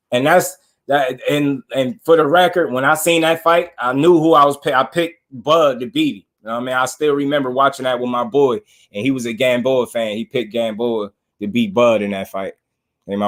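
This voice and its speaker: Brief: male commentator, relaxed and slangy, mid-range voice, laughs a lot. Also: mid-range voice. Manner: slangy and laid-back, laughing often, reading out viewer comments. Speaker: boxing commentator. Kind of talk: casual commentary.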